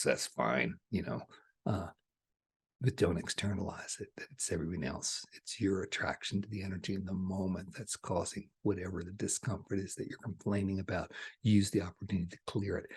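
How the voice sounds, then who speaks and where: A man delivering a channeled spiritual message, soft-spoken and at times hushed. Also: deep voice, moderate pace, gravelly, slightly rough.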